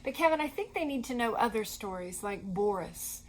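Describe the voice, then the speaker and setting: A woman co-hosting a Christian ministry program, telling inspiring stories in an earnest, animated way. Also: fairly high pitch, moderate pace, rough recording. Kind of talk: storytelling conversation.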